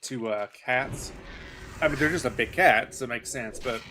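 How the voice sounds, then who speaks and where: A man's voice: mid-range voice, a little slow, noisy background. Rambling, chatty male game streamer. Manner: rambling, chatty, self-deprecating asides. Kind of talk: casual chat while playing.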